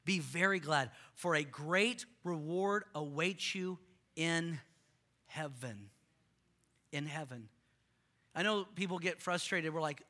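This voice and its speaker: A male pastor preaching a sermon to a congregation, impassioned, swinging from loud rallying lines to quiet earnest ones. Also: fairly high pitch, lively intonation, measured pace, long pauses.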